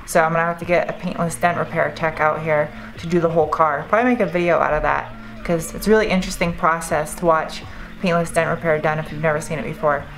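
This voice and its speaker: A woman's voice: deep voice, steady tone, fast talker, soft background music, low-quality recording. A young woman talking casually to camera while working on her car in her garage, chatty and self-mocking. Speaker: car vlogger. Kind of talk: casual vlog talk to camera. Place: home garage and driveway.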